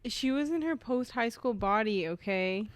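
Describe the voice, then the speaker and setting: A woman's voice: on the high side, expressive, moderate pace, dry recording. A woman co-hosting a podcast, chiming in with chatty, teasing remarks. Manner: chatty, teasing interjections and laughter. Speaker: podcast co-host. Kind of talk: casual chat.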